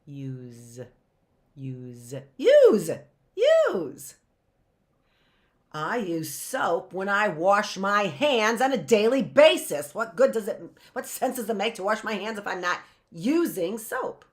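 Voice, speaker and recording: Middle-aged woman, teacher, slow and lively phonics drill with repeated words, lowish voice. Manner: sounds out words slowly, repeating them, with playful asides. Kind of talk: phonics lesson for live online class.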